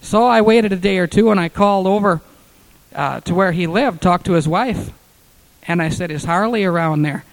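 A man's voice: high voice, moderate pace, gravelly, low-quality recording. A male pastor telling stories in an earnest sermon, rising to fervent peaks. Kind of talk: sermon storytelling.

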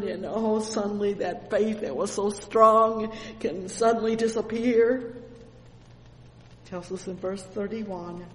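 A woman preaching a sermon, fervent and unhurried, often breaking into exclamations of praise. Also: mid-range voice. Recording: echoey hall with faint ambient noise.

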